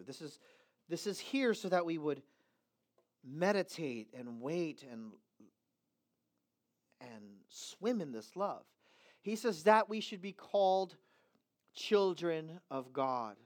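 A man preaching a sermon emphatically, moving from low, quiet stretches into loud, raised passages.

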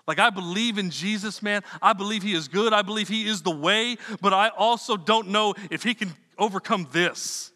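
A man's voice: sits high, normal speed, few pauses, bright, forceful tone. A man preaching a sermon in a loose, conversational way, repeating words and dropping slangy asides. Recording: long reverb of a hall.

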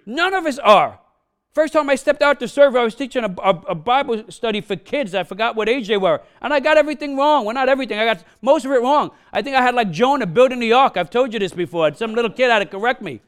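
A man's voice: extremely high pitch, lively intonation, quick pace, fairly bright tone, clear, resonant tone. A male pastor with an accent, preaching a sermon to his congregation with punchy repeated questions and frequent "huh?" checks, in a church. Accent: non-native English accent. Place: church sanctuary.

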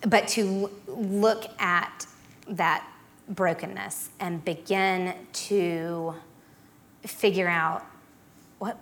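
A woman giving a personal testimony as a guest speaker, telling her story in a dramatic, animated way. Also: lowish voice, extremely slow, slight background noise.

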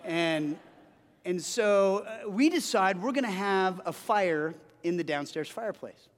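Man in his forties, pastor, sermon, high voice, animated storytelling, long hall reverb. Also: measured pace. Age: 40s. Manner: animated storytelling with frequent restarts. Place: church sanctuary.

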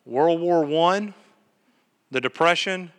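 A man's voice: on the high side, slow pace, long reverb tail. A man preaching a sermon live in church, telling stories and asking his congregation questions. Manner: earnest storytelling preacher, asks the congregation questions. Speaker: pastor. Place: church sanctuary, live service. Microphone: PA microphone.

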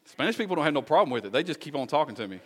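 Folksy pastor preaching a sermon. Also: male voice, on the high side, big pitch swings, very fast, breathy edge, some chatter behind. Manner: conversational, rhetorical questions, folksy asides.

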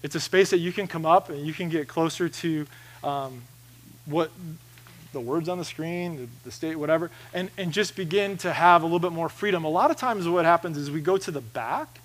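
With a fairly high voice and a moderate pace, this pastor delivers a sermon in the church sanctuary. He comes across as earnest and conversational, roaming the stage and often starting his sentences over.

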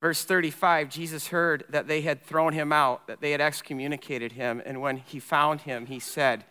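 A man preaching a sermon, telling a story with animated delivery and voicing the people in it. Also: fairly high pitch, normal speed, few pauses, clean tone. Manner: animated storytelling, voicing characters in dramatic retelling. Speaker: pastor. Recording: long reverb in a large hall.

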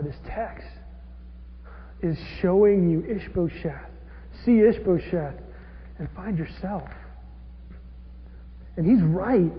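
Male pastor, high voice, animated sermon delivery, muffled lo-fi recording. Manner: animated, acts out quoted characters with rising intensity. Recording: dull lo-fi audio with long hall reverb.

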